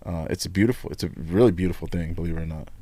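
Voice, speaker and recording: Low-voiced guy from nevada, middle-aged, chatting candid and blunt, dry mic. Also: racing, no echo. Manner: candid and animated, blunt words, repeats himself. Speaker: union leader, podcast guest. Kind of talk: casual interview chat.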